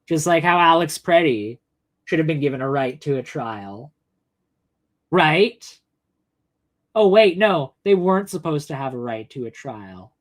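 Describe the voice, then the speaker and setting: Woman ranting angrily, low-pitched and profane. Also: animated, measured pace, pauses often. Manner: angry, profane, sarcastic, addressing commenters by name. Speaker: livestream host answering chat. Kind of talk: heated political rant.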